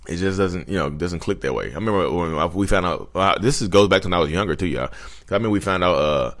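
Man, 30s, very low voice, casual storytelling vlogger, conversational and chatty. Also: fast talker, a bit bright. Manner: loose and conversational, full of 'you know what I mean' and acted-out quotes. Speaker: vlogger talking about his own personality disorder.

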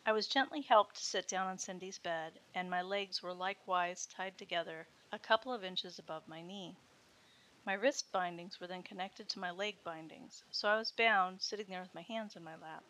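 Bright-voiced woman narrating a story. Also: on the low side, moderate pace. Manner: steady first-person storytelling. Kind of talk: scripted erotic story narration.

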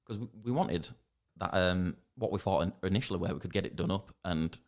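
Young Yorkshire man, lowish voice, swears freely, acts out quotes in casual chat. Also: a little fast. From Northern England. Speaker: podcast co-host.

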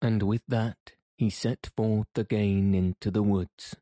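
Slow, low-voiced male narrator. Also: no room sound, studio quality. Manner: measured, even storytelling. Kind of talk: audiobook narration.

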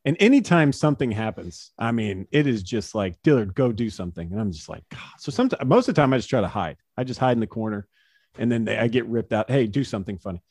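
A man in his forties, a former pro pitcher, telling stories as an interview guest, chatty and laughing often, with lots of fillers. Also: animated, fast, a little mellow, dry recording, clean studio sound. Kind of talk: casual storytelling in an interview.

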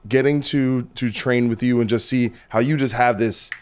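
A man's voice: medium pitch, fairly even intonation, normal speed, darkish tone, clear, resonant tone. Man podcast host, mid voice, rambling, restarts, jokey exaggeration. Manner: rambling, full of restarts and hyperbole. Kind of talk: casual interview chat.

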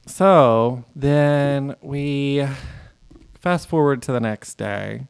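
A man's voice: medium pitch, extremely slow, gravelly, smooth, dry recording. A man co-hosting a podcast, chatting casually as he recaps a TV episode. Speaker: podcast co-host. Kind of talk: casual chat.

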